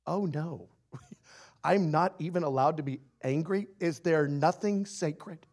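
Playful, animated male preacher. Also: on the high side, takes it slowly. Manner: animated and playful, acting out little scenes, often laughing. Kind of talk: sermon.

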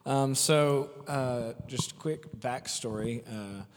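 A married man from the congregation starting a short, informal Bible sharing, quiet and full of hesitations. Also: medium pitch, slow. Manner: hesitant, quiet, heavy on fillers. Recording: church hall reverb with faint noise.

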